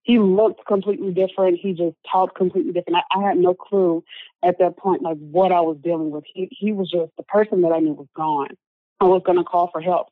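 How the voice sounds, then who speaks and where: A woman's voice: fairly low pitch, fairly even intonation, brisk, no echo, phone-quality sound. Woman telling her story, lots of "like"s, sounds phone-y and dry. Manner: earnest, frequent filler words. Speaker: interview guest. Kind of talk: personal story told in conversation.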